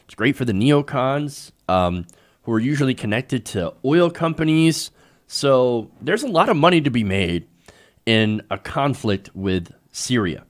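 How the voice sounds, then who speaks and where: A young man hosts an online political commentary show in a loose, opinionated, conversational way. He hesitates and restarts often. His pitch rises and falls in a lively way as he talks. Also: a little slow.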